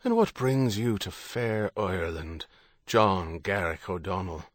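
A man's voice: sits low, expressive, measured pace, no room sound. Man doing audiobook villain, reedy tenor, cold interrogating gunman, dry close sound. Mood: coldly probing. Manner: cold, probing, unsoftened questioning. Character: menacing armed man in wide-brimmed hat, cold leader.

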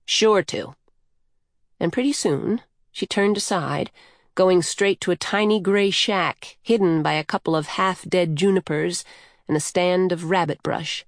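A woman reading a story aloud in a slow, measured, lyrical way, her voice a bit low for a woman. The sound is close and dry, with no room around it. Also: dry recording. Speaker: narrator. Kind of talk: scripted audiobook narration.

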